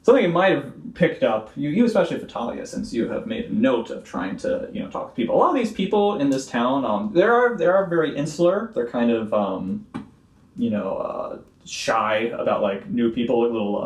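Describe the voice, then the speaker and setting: A man narrating a tabletop game as game master, rambling with lots of fillers. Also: mid-range voice. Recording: roomy room, distant mic.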